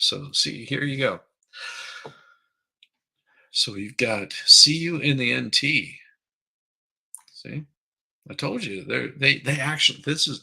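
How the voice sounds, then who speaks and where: A man's voice: mid-range voice, gravelly, bright, forceful tone, breathy edge, poor audio. A man hosting a live stream, chatting casually and crudely, rambling while he reads viewer comments aloud. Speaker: livestream host.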